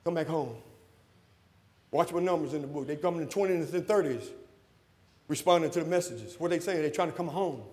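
A man, his voice pitched high and his words tumbling out fast. He builds to fervent shouts, and the sound rings with the long reverb of a church hall. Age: 60s. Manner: fervent, rising to shouts, calls and responses with the congregation. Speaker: preacher. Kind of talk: sermon. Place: church sanctuary.

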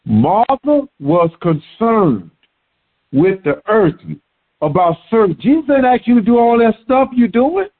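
Animated, husky-voiced man preaching. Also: sits high, unhurried. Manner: animated, repeats words for emphasis. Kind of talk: sermon. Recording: tinny phone-like sound.

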